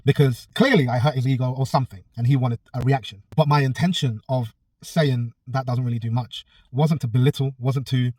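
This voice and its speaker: A man's voice: mid-range voice, fairly even intonation, a little fast, a little mellow, no echo, distant mic. A man, a personal trainer telling a story in a casual vlog, blunt and swearing freely. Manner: blunt, swears a lot, acts out both sides of a quarrel.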